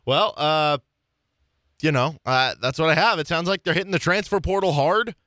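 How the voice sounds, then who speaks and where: A man's voice: fairly high pitch, normal speed, sharp tone, dry recording. Young man, sports radio host, chatty storytelling, laughs easily, close dry studio mic. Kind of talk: casual sports talk radio. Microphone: studio microphone.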